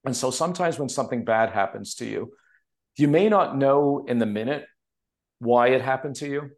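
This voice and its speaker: Over a remote call, a Canadian man who produces TV and writes books recounts emotional stories in a relaxed podcast interview. His mid-range voice moves at normal speed, and he tells them animatedly.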